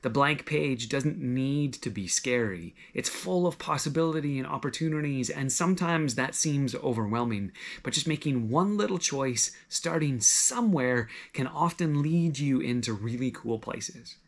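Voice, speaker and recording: A man preaching a sermon, conversational and gently encouraging, full of everyday examples. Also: medium pitch, animated, moderate pace, hardly any pauses. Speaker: pastor.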